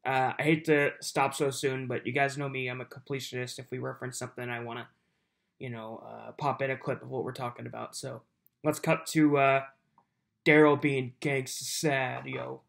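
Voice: medium pitch, little pitch movement, normal speed, creaky. A YouTube host chatting casually and mockingly while commenting on courtroom clips, often laughing.

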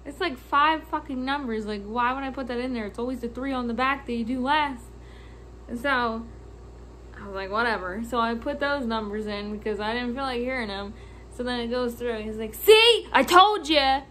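A woman vlogger tells a casual storytime about her workday. Her voice sits high with a bright edge. She sounds exasperated, swears freely, laughs often, and slips into quick snippets of other people's lines. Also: steady tone, a little hiss or hum. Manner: acts out customers' lines in quick quoted snippets.

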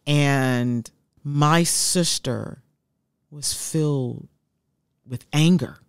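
A woman's voice: deep voice, drawn-out words, smooth, dry recording, studio quality. A woman in her fifties, a guest telling her life story in an interview, heartfelt and reflective.

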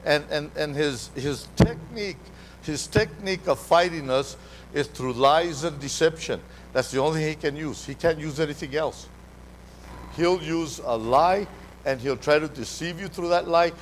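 A man preaching a sermon as pastor, animated, calling out to the congregation and repeating his words. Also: a little high, moderate pace, a little hiss or hum, poor audio. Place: church hall during a live service.

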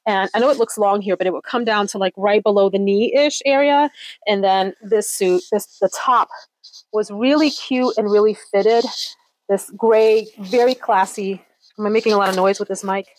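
A woman's voice: medium pitch, normal speed, dry recording, poor audio. Gushing chatty woman vlogger, dry sound. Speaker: closet declutter vlogger. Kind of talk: casual chat to camera.

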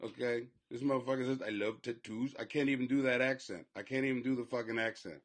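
A man hosting a podcast, riffing in crude, profane comedic commentary that rambles and swings in loudness. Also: medium pitch, steady tone, fast talker. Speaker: podcast host.

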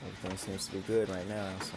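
A man talks through his gameplay in a low, gravelly voice, repeating short phrases to himself. Clear background noise sits under his voice. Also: little pitch movement, fast talker. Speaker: streamer. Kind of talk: casual gameplay commentary.

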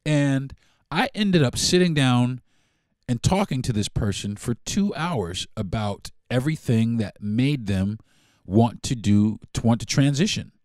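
A man hosting a podcast spins a casual, profanity-laced story, jumping into the voices of the people in it. His pitch swings widely as he talks. The sound is close and dry, with no room around it. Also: unhurried, dry recording. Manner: animated, profane, acts out dialogue. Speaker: podcast host.

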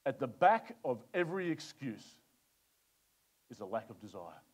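A middle-aged Australian man preaching a sermon as a pastor, swinging between loud, urgent bursts and soft, low asides. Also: sing-song, normal speed, slightly rough.

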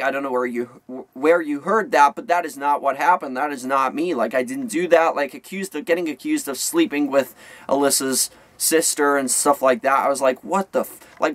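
A man's voice: a little high, fairly bright tone, dry recording. Young guy vlogging a storytime, rambly, lots of um and like, dry close sound. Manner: rambling, many fillers and restarts. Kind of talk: storytime vlog rant.

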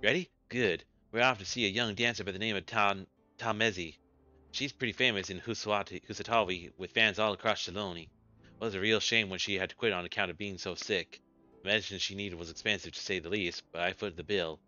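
A man voicing a smug, money-minded male loan shark, reading the lines quickly and wryly in a game playthrough. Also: fairly low pitch, steady tone, bright, forceful tone. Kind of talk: let's play character voice. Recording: dull lo-fi recording with game music.

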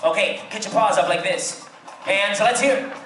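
A man's voice: sits high, moderate pace, sharp tone, soft background music. A man playing a vain troupe singer who leads the audience in lion roars. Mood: rousing. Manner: bold, rousing the audience. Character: vain good-looking male troupe singer. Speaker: stage show performer. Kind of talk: live theater audience play. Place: large theater-in-the-round with an audience. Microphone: camcorder in the audience. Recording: echoey live venue with crowd.

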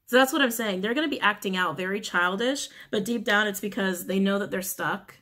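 Woman, tarot reader, casual reading, blunt, frank, exasperated, curses, repeats phrases, clears throat. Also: medium pitch, fairly quick, few pauses, fairly bright tone.

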